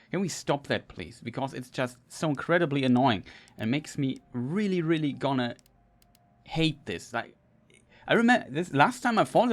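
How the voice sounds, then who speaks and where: A man doing gameplay commentary, ranting in frustration and stumbling over restarts as he plays. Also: mid-range voice. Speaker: gamer.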